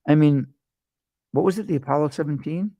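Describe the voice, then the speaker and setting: A man's voice: fairly high pitch, warm tone, dry recording. Rambling jokey male host, dry sound. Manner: rambling, jokey storytelling with quick asides. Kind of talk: casual chat.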